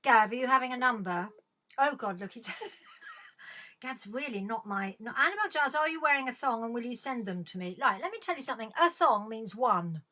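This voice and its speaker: Woman, middle-aged, comedy chat host, bright voice, sardonic, swearing, home webcam. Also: a little high, animated, normal speed. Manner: bawdy, sardonic, swearing banter. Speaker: host of a live-streamed chat show. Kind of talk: live-streamed comedy chat taking calls.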